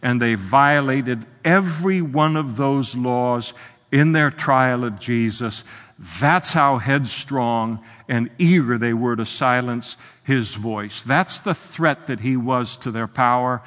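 Man preaching, fired up then hushed, mid-pitched voice, long echo like a big church. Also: takes it slowly. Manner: impassioned, swings from soft to loud with emphatic quotes. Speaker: pastor. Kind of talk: expository sermon. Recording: long hall reverb.

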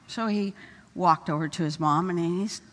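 An older woman speaking at a conference, telling humorous stories in a lively way and often repeating her words. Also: fairly low pitch, normal speed, long reverb tail. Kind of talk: storytelling conference talk. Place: conference hall stage.

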